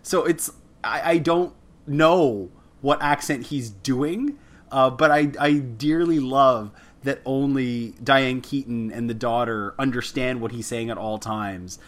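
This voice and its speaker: Brief: male podcast host, mid-pitched, casual and rambling, trips over his words. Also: takes it slowly. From Canada. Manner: rambling, self-deprecating, stumbles and restarts often. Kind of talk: casual interview chat.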